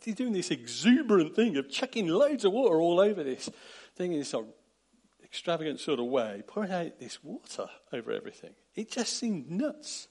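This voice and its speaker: A man preaching a sermon, retelling a story with lively, animated delivery and acted-out quotes. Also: a little high, brisk, breathy edge. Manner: animated, acts out quotes with sudden loud bursts.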